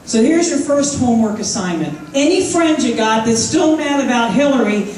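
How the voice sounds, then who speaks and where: A woman in her fifties giving an energetic, joking conference speech, rousing the crowd with call-and-response. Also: high-pitched, moderate pace, slight background noise. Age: 50s. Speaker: conference speaker. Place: large conference hall. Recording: echoey hall from far off, faint crowd.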